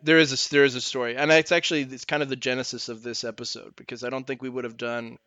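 A man's voice: mid-range voice, little pitch movement, quick pace, sharp tone, no echo, highs cut off. A man co-hosting a podcast, explaining things in a rambling, self-mocking way. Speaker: podcast co-host. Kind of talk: casual chat.

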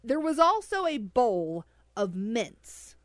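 A woman with a fairly high voice tells a story in a lively, laughing way. Her pleas and asides come quickly, and the sound is dry and close with no room around it. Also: dry recording. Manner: animated, laughing, pleading. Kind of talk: casual storytelling chat.

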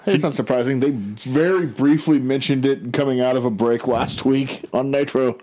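A man's voice: medium pitch, normal speed, darkish tone. Sarcastic male co-host, crude banter. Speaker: podcast co-host. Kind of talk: casual chat.

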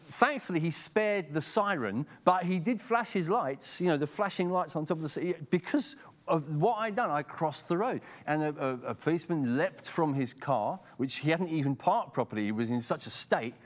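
A middle-aged Englishman with an English accent preaching a sermon in a conversational way, often repeating words as he starts a sentence. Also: on the high side. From England.

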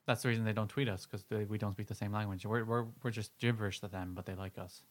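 A man's voice: on the low side, steady tone, quick pace. A man co-hosting a podcast in casual banter, playful, with frequent laughter and mock-serious asides. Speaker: podcast co-host.

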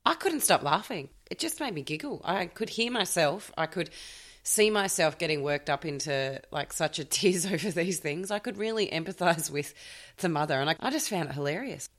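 A woman's voice: fairly low pitch, expressive, moderate pace, a bit bright. A woman co-hosting a book club podcast, chatty and frank in casual talk. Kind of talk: casual chat.

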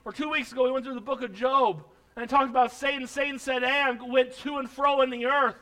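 A male pastor preaching a sermon, building from soft musing to emphatic declarations, repeating phrases and reading scripture in old-fashioned wording. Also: very high voice, steady tone, fairly quick, few pauses.

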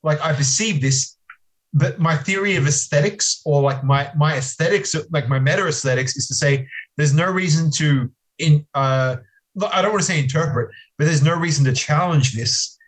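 Guy on a podcast, kinda high voice, stops and restarts a lot, hedging as he theorizes. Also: poor audio. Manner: halting, hedging, with many restarts while theorizing. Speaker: podcast guest. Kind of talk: casual podcast chat.

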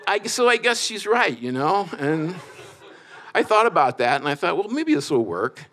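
A man's voice: high voice, sing-song, normal speed, pushed and bright, slight background noise. A man from the Midwest telling a personal story aloud, wry and self-mocking, with a loose conversational flow full of little fillers. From Midwest United States.

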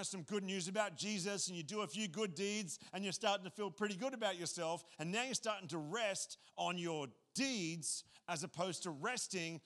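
High-voiced male pastor, lively and joking, casual sermon delivery. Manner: animated, casual and joking, repeats phrases.

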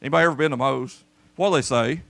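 A man's voice: medium pitch, very fast, vocal fry. A man preaching a folksy storytelling sermon to his church, calling out to the congregation. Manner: folksy, animated, calls out to the congregation. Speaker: pastor. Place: church service.

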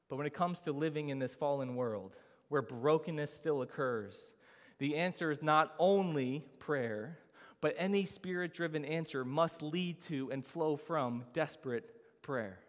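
A man's voice: fairly high pitch, measured pace. A man preaching a sermon, building emphasis and asking rhetorical questions of the congregation. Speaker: pastor. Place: church sanctuary. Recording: long reverb of a large hall.

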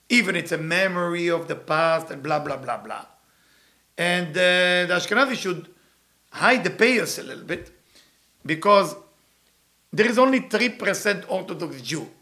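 Middle-aged teacher, high bright gravelly voice, emphatic, keeps repeating his points. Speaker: Torah teacher. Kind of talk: animated Torah lesson.

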